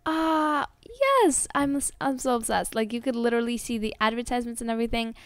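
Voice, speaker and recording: A woman's voice: on the high side, rapid-fire, clear, resonant tone, dry recording. Gushing young woman narrating her gameplay. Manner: excitable and gushing, talks to viewers. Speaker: gaming video host. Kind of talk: casual gameplay commentary.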